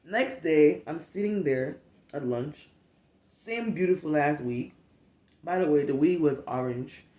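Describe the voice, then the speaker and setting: A woman telling stories in casual talk, animated and profane, acting out the people in them. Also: low voice, a little slow, echoey room. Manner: animated, profane, acts out the people in her story. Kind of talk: casual storytelling.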